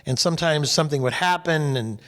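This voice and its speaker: A man's voice: fairly high pitch, brisk, long reverb tail. A man from California tells a personal story while leading a faith discussion group, acting out the people in it. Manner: animated, acts out quoted people.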